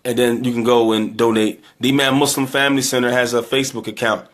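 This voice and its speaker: A man's fast, fairly bright, mid-range voice stays mostly level in pitch as he closes with a heartfelt appeal for community donations. Worn out and emotional, he keeps repeating himself and asking pleading questions.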